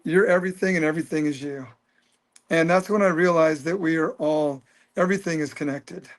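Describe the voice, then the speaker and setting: A man in his fifties telling a personal story as an interview guest, earnest and animated. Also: fairly high pitch, brisk. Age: 50s.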